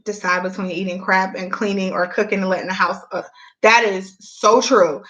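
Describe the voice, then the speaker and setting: A woman's voice: medium pitch, fairly even intonation, moderate pace, bright, forceful tone, highs cut off. A young woman chatting candidly to her viewers at home, a mom vlogging in casual Southern-style speech. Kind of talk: casual chat.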